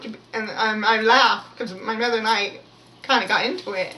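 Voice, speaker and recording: A woman giving a casual, rambling devotional talk with a prayer, often restarting her sentences and pushing her voice to be loud. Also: on the high side, fairly even intonation, moderate pace. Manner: rambling, many restarts, pushes to speak loud. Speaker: devotional video speaker. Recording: voice from far off the mic, faint noise.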